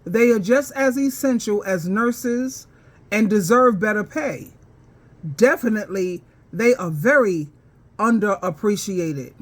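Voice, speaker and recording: A woman's voice: mid-range voice, animated, a little slow. A woman vlogger telling a story and reading viewer comments in casual commentary, rambling with fillers and laughing heartily between lines. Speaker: advice coach and vlogger.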